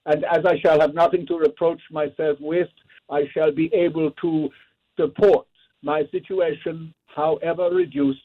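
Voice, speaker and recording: An actor reading a letter as a proud aging Prussian general pleading for payment, with a put-on Prussian German accent and a formal, solemn delivery over a tinny line. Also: male voice, fairly high pitch, fairly even intonation, normal speed. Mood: solemn, dignified.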